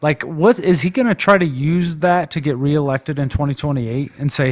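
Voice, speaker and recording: A man's voice: on the high side, normal speed, hardly any pauses. A man talking casually on a live stream, chatty and rambling in a loose, informal way as he discusses politics. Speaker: guest debater on a live stream.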